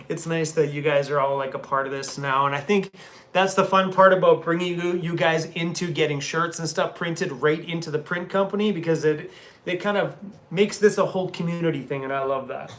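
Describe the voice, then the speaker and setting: A man's voice: on the high side, fairly even intonation, normal speed, fairly bright tone. A man chatting casually to his viewers on a live stream from a hotel room, laughing often and talking to his dog. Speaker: van-life vlogger on a live stream.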